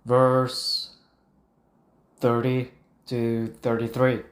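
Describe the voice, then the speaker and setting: A man's voice: mid-range voice, steady tone, moderate pace. Guy reading a preachy bible talk, blunt, roomy echo. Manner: read-aloud, blunt and combative. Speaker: Bible teacher. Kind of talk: scripted talk on Bible versions.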